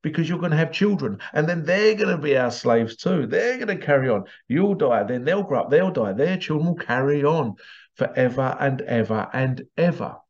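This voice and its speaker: A man's voice: on the high side, lively intonation, moderate pace, highs cut off. A man voicing a ruthless male grasshopper boss who insists on keeping others afraid, in a threatening, repetitive way. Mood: callous. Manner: threatening, insistent, repeating himself.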